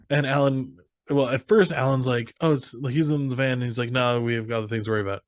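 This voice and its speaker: Guy on a podcast going over a movie scene by scene, mid pitch, dry close sound. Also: quick pace, no room sound. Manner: retells scenes, quoting characters. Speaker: podcast co-host. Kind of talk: casual movie recap chat.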